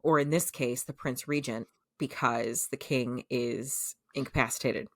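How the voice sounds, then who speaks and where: A woman's voice: rumbling low, fairly even intonation, unhurried, no echo. A woman voicing an indignant young prince.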